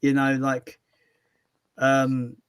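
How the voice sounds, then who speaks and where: A man's voice: mid-range voice, completely flat delivery, drawn-out words, clear, resonant tone. A man hosting a live movie chat, rambling casually with many restarts.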